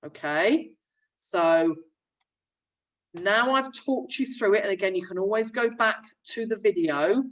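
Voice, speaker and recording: Chatty teacher, slightly distant mic. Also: female voice, mid-range voice, a little slow. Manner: friendly, chatty classroom explaining. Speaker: primary school teacher. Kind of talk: remote lesson with screen share.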